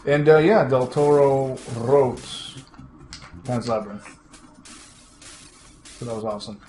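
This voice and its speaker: A man chatting casually while playing a game, rambling excitedly, laughing often and swearing casually. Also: medium pitch, slow pace, pauses often, faint music behind. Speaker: co-host of a retro gaming show. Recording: echoey room with faint background noise.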